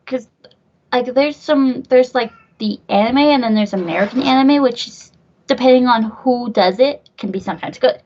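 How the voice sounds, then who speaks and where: Woman podcast host, high voice, gushing, rambling casual chat, slightly muffled lo-fi sound. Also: normal speed, darkish tone.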